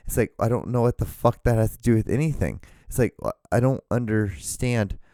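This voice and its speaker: A man hosts a solo podcast, rambling and ranting with lots of swearing and frequent restarts. His mid-range voice has a dark tone and a normal speed, captured in clean studio sound with no room sound.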